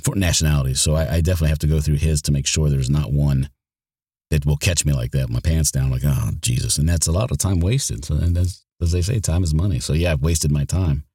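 A man's voice: extremely low pitch, quick pace, mellow, breathy edge, no echo, clean studio sound. A man who narrates audiobooks, talking casually in an interview, rambling and restarting his sentences often. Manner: rambling, with many restarts and repeated words.

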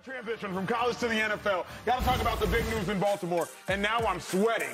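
A man hosts a sports debate show, throwing to his panel with hyped, hyperbolic energy. His voice sits high and rides a sing-song lilt. Faint music plays underneath. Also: quick pace.

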